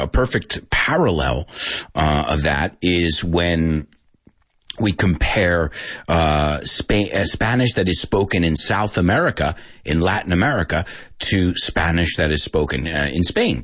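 A man's voice: low-pitched, lively intonation, unhurried, a bit bright, husky. A man hosting an English lesson show, talking casually and animatedly, often laughing and slipping into Spanish. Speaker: English teacher host. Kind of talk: energetic radio show chat.

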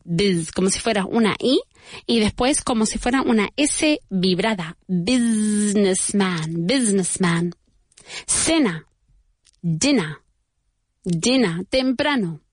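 A woman teaching English pronunciation to beginners, saying each word slowly and repeating it. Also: mid-range voice, dry recording, studio quality. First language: Spanish. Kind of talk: bilingual pronunciation lesson for beginners.

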